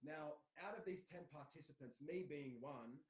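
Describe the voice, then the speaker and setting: Earnest man in a roomy room. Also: normal speed. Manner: earnest and motivational, repeats words for emphasis. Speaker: podcast co-host. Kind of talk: casual live podcast talk. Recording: roomy, low-quality live audio.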